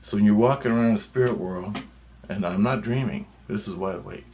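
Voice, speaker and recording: A man's voice: fairly low pitch, fairly quick, a little mellow, slight background noise. A man talking in a loose, meandering monologue, swearing freely as he tells a story. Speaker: vlogger. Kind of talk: casual rambling monologue.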